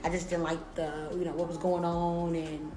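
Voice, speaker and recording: Woman doing a laid-back, indifferent young man, lower voice, drawling and vague, roomy sound. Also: little pitch movement, normal speed, warm tone, a little hiss or hum, natural voice. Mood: offhand. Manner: drawling, vague, filler-heavy. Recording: roomy echo with faint music.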